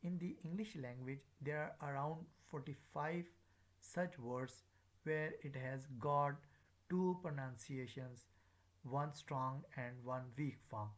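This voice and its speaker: Slow, hesitant male pronunciation teacher. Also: medium pitch. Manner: repeats example words slowly for pronunciation drills; hesitant, frequent uh fillers. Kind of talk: recorded lecture.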